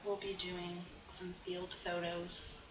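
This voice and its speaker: Slow and monotone in a lowish voice, a young bride-to-be guest makes casual conversation, laughing easily and trailing off. She is heard from away from the mic in an echoey room, with faint hum behind her.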